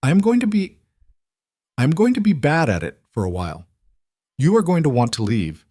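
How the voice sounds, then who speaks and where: A man voicing a hardened young mafia boss in an audiobook, speaking in halting, restrained phrases. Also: on the low side, lively intonation, a little mellow, dry recording, studio quality, natural voice. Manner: halting, restrained, holding back tears. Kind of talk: audiobook dialogue reading.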